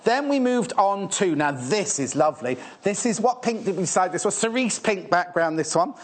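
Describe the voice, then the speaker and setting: A British man presenting fabrics on a live TV shopping channel, rushed, gushing and a little out of breath. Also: high-pitched, expressive.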